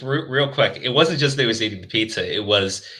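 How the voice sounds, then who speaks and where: Brief: sharp, bright-voiced male host, cuts in often, emphatic and profane. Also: mid-range voice, lively intonation, a little fast. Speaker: podcast host. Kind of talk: casual chat.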